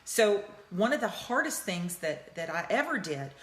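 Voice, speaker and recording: Speaking from an echoing office, a middle-aged woman gives an earnest, personal live talk on grief and healing, pausing to check in with listeners. Her mid-range voice is very animated and a bit bright, at a moderate pace, and the talk is heartfelt and motivational.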